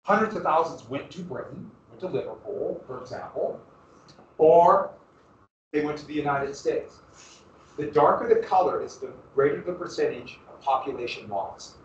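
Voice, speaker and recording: A man teaching a history class in a classroom, lecturing lively and often asking his students questions. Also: fairly high pitch, normal speed, slight background noise. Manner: lively, asks the class questions, restarts phrases. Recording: roomy, distant, dull classroom recording.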